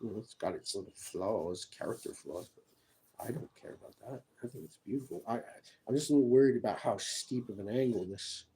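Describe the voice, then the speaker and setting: A man in a rambling personal monologue, halting and restarting with repeated words. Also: lowish voice, dark tone, a little hiss or hum, rough recording.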